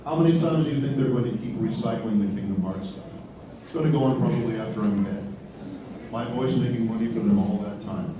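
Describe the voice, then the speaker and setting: A man's voice: mid-range voice, a little fast, distant mic, lo-fi sound, noisy background. Chatty male voice actor in an echoey hall. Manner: candid, chatty and wry. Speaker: voice actor on a convention panel. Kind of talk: panel Q&A storytelling.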